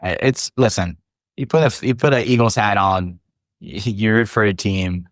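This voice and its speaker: A man's voice: lowish voice, moderate pace, no room sound, studio quality. A man with a Philadelphia accent co-hosting a podcast, talking in a loose, offhand way with lots of fillers. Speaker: podcast co-host. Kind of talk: casual chat.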